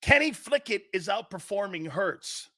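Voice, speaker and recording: Hosting a sports talk show, a man shouts, taunts and laughs in a wildly excitable, mocking way. His voice sits high, yet his pace stays measured.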